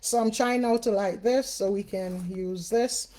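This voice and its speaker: At an unhurried pace, a dark-toned, medium-pitched woman from Jamaica talks casually to her livestream viewers from home in a Jamaican accent. As a spiritual reader and host, she greets them by name and chats with many fillers.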